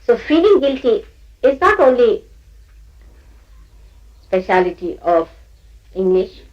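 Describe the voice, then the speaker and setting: A woman's voice: on the high side, big pitch swings, slow pace, highs cut off. An older woman teaching at a spiritual gathering, scolding her listeners playfully and often breaking into laughter as she mimics them.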